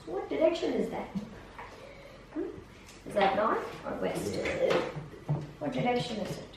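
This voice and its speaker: A woman's voice: a little high, huge pitch swings, unhurried. A woman teacher guiding a student through a map lesson one on one, patient and coaxing, repeating prompts and praise. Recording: echoey room from far off, faint noise.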